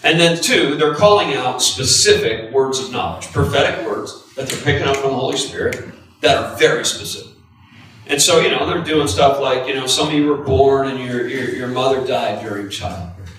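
Male pastor, middle-pitched, animated confessional storyteller, heard from far off in a very echoey hall. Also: normal speed, slight background noise. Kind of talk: sermon.

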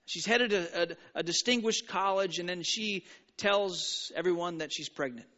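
A man preaching a sermon, animated and playful with frequent stumbling restarts, in an echoing church hall. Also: high-pitched. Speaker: pastor. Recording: reverberant hall, dull sound.

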